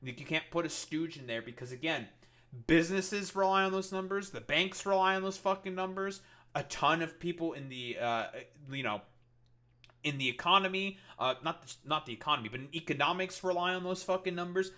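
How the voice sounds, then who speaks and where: A man's voice: a little high, brisk, sharp tone. A man streaming commentary, ranting in a heated, exasperated way and swearing constantly. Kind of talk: profane political rant.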